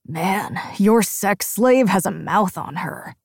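A woman's voice: medium pitch, expressive, takes it slowly, creaky, slightly rough, no room sound, exaggerated voice. Woman playing a stoned young guy, laid-back, crude teasing, dry close sound. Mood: amused.

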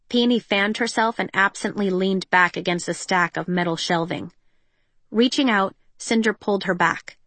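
A woman's voice: medium pitch, moderate pace, a bit bright, no room sound. Woman narrating an audiobook, dry sound. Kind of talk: scripted narration.

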